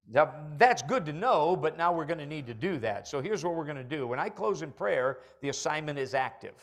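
A middle-aged man preaching a sermon from the pulpit of a church, animated and building to loud, emphatic peaks. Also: a little high, moderate pace, creaky. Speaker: pastor. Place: church sanctuary.

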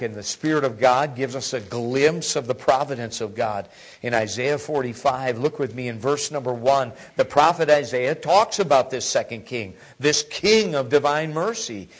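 A middle-aged man preaching a sermon, telling humorous stories and swinging from hushed near-whispers to loud exclamations. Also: mid-range voice. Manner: humorous storytelling. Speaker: pastor.

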